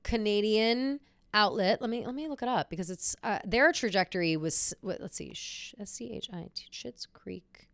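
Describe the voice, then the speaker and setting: A woman's voice: mid-range voice, normal speed, gravelly, fairly bright tone, no echo. A woman co-hosting a podcast, chatting casually and swearing freely as she talks through a show. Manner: chatty, swears freely, looks things up mid-talk. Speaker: podcast co-host. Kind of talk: casual chat.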